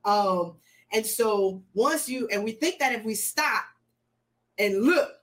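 A woman's voice: medium pitch, expressive, takes it slowly. A woman coach hosting an interview, speaking earnestly and repeating key lines for emphasis in a motivational way. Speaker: coach and host.

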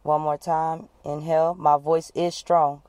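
A woman coach leading listeners through a guided breathing exercise, giving calm, repeated instructions. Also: low-pitched, unhurried, dry recording. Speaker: wellness coach.

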